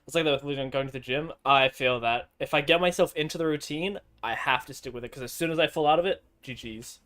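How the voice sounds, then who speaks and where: A man's voice: a little high, fast talker, fairly bright tone. A man streaming and chatting casually over gameplay, rambling and swearing freely. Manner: rambling, crude and profane.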